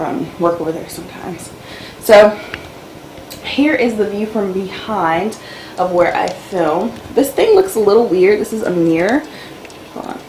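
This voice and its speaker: A woman's voice: fairly low pitch, darkish tone, slight background noise, low-quality recording. A woman vlogger giving a casual tour of her home office and filming room, chatty and loose with lots of fillers. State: out of breath. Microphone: camera-mounted mic.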